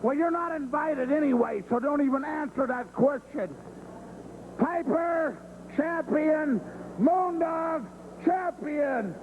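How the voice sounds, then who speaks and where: A taunting male wrestler threatens his rival in a very high, strained voice, dropping to hushed menace and then rising again with a cackle. It sounds like archival 1970s TV footage with a faint hiss. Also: takes it slowly, narrow, tinny audio. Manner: taunting, cackling, swings between loud threats and hushed talk. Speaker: pro wrestler cutting a promo.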